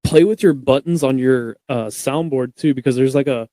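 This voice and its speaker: A man's voice: medium pitch, normal speed, dark tone, dry recording. A young man hosting a podcast, talking in a laid-back, rambling way full of fillers. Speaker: podcast host. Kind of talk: casual podcast chat.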